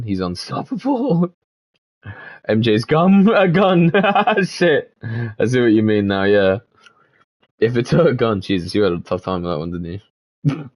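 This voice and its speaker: Excitable swearing man with a lively pitch. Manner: laughs often, swears freely, excitable. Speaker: gaming video creator. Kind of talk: gaming commentary, reading in-game text aloud.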